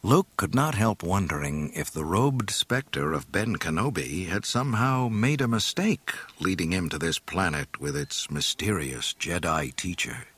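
A man reading a story aloud in an expressive, dramatic narration. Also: deep voice, unhurried, hardly any pauses, husky, dry recording. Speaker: audiobook reader.

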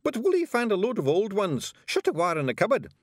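A man reading an audiobook, voicing a loud, cheerful tiny male pixie. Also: sits high, huge pitch swings, fairly quick, no room sound, studio quality, pitched above the performer's own voice, full character voice. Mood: boisterous. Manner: loud and boisterous.

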